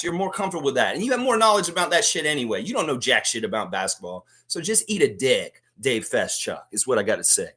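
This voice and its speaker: A man on his own fan sports stream delivers a profane, heated rant, his voice swinging wildly between low grumbles and sharp high jumps. He speaks a touch higher than most men, hammering every point with emphatic exasperation. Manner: excitable, emphatic. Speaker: host of a fan basketball show. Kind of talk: live sports preview rant.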